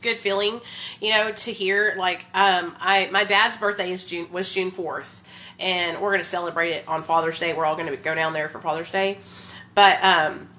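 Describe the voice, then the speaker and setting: Hyped, bright-voiced woman chatting live. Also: on the low side, moderate pace, slight background noise. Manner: hyped, energetic talker; heavy use of "like" and "y'all". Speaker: live streamer. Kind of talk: casual live stream chat.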